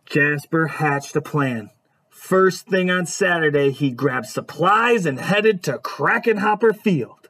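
A man reading a children's picture book aloud at story time, animated and asking his young listeners questions. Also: fairly high pitch, slow pace, husky. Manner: animated, asks questions to listeners, lots of hums.

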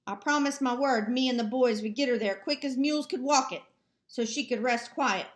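Woman doing old farmer dad, slow plaintive self-pity, high voice, roomy room. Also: lightly acted. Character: weary, stubborn old farmer father. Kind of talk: amateur audiobook reading.

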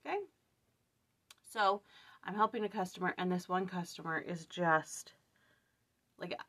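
A woman talking casually in a scripture study vlog, tired and venting, telling an animated story about a hard day at work. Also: fairly low pitch. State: weary. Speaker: vlogger.

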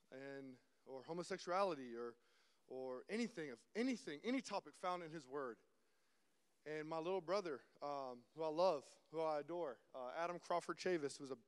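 Man, young adult, sermon-style talk, high voice, animated, repeats words, hall echo. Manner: animated, repeats words, swings from loud to hushed. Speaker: guest speaker.

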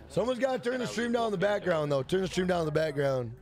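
A man's voice: high voice, very animated, fast talker, few pauses, a little mellow. A man chatting casually on a game live stream, rambling and swearing. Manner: profane, rambling banter.

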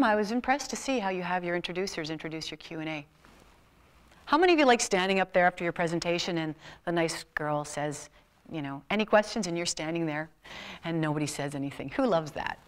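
A woman motivational speaker giving a live talk to an audience in a university lecture room, animated and playful, swinging her voice up and down. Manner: animated, playful, big swings in pitch and loudness. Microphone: room mic on a filmed talk.

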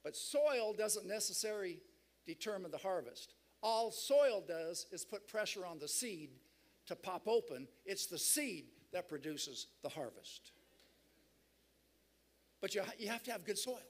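A man's voice: high-pitched, lively intonation, a little slow. A man preaching a sermon at a church seminar, emphatic and rousing the crowd. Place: large church hall.

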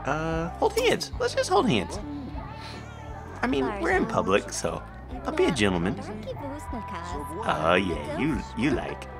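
Guy narrating his game, super lively pitch, slow easy pace, game music behind. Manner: chatty, talks to the game characters, jumps pitch for surprise. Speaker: gameplay commentator. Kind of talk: casual let's play commentary.

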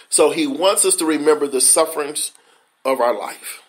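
A male pastor giving a conversational devotional sermon, repeating phrases, asking rhetorical questions and slowing down for emphasis. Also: fairly high pitch. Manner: conversational preaching with frequent repetition and rhetorical questions; slows down for emphasis, acts out quoted inner voices.

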